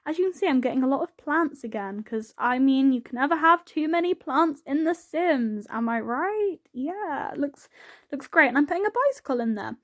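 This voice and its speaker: A woman with a high voice talks casually over her gameplay footage. She rambles, giggles and peppers everything with "like", sounding chatty and unguarded. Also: expressive, moderate pace. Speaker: YouTuber narrating a game build.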